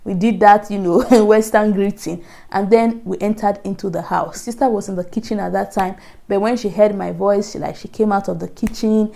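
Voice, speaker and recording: A woman's voice: medium pitch, fairly even intonation, normal speed, creaky, dark tone. A young Nigerian woman telling a personal story in a casual vlog, chatty and laughing often, with many fillers. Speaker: vlogger.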